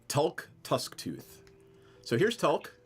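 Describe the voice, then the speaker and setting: A man narrating a tabletop game as game master, chatty and halting. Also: fairly high pitch, huge pitch swings, a little hiss or hum. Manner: chatty, halting with fillers and restarts.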